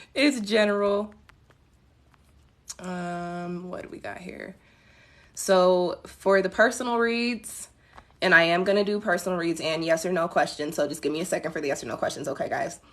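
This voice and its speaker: A woman tarot reader chatting casually with viewers on a home live stream, relaxed and self-mocking. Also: lowish voice, moderate pace. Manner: relaxed, chatty, laughs at herself, addresses viewers as y'all.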